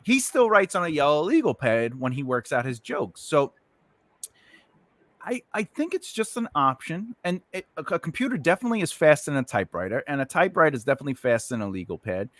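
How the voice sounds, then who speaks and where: A man's voice: on the high side, quick pace, no room sound. A man hosting a podcast, chatting casually and cracking jokes. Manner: joking, playful, animated. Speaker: podcast host. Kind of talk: casual comedic chat.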